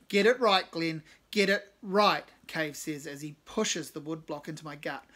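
A man narrating his own short story in a measured, understated way. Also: fairly high pitch, a bit bright.

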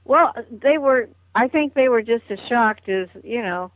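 A woman's voice: a little high, lively intonation, unhurried, no echo. An older woman reminiscing as a guest in a phone interview, chatty and laughing often. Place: at home on a phone call. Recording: tinny dry phone line.

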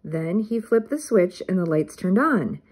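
An older woman reads a children's chapter book aloud at an even, steady pace. Her voice is husky, with a relaxed storytelling manner. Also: lowish voice, unhurried. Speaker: storybook reader.

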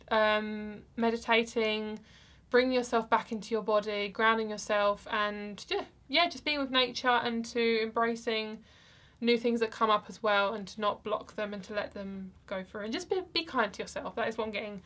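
Young woman doing a tarot reading vlog, kinda high voice, rambly and chatty, lots of likes and ums. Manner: chatty, rambling, soft-spoken with frequent fillers. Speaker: tarot card reader.

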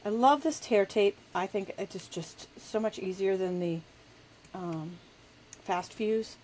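A woman's voice: medium pitch, a little slow, darkish tone, a little hiss or hum, rough recording. A woman hosting a live crafting demonstration, chatty and self-deprecating, laughing often and talking while she works with her hands. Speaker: crafting show host.

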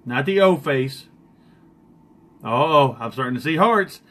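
A man's voice: mid-range voice, lively intonation, slow pace, fairly bright tone. A man doing a joking live-stream makeup session, teasing and boastful.

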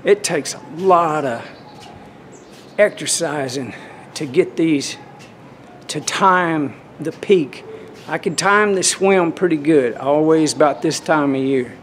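A man's voice: on the high side, slow, fairly bright tone, a little hiss or hum. A man, chatting casually to camera in a folksy, rambling way at a swimming pool. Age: 60s. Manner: rambling, folksy, restarts often. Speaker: vlogger.

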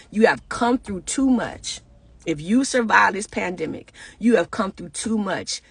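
Husky woman preaching casually. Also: fairly low pitch, dry recording. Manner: conversational, preacherly, talks back to listeners. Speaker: pastor and speaker. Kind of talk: casual motivational talk.

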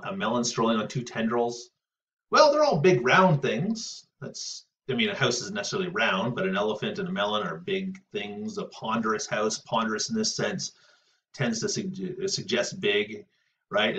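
A man gives a relaxed recorded lecture, thinking aloud with plenty of fillers and frequent "right?" checks. His voice sits low. The audio is dull and lo-fi, and he sounds a little distant from the mic. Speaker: teacher.

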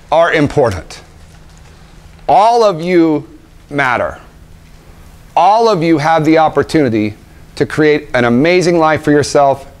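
A man's voice: fairly high pitch, darkish tone. A man, an obstetrician, giving an emphatic motivational talk to a room of young parents, full of rhetorical questions and repetition. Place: conference room with audience.

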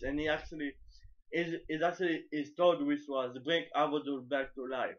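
A fairly high-voiced man talks through an anime episode in a loose, unscripted recap. He stumbles and repeats words often and swears casually. The recording is dull and lo-fi. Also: little pitch movement. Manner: halting, with many repeats and stumbles; casual and profane. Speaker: anime reviewer.

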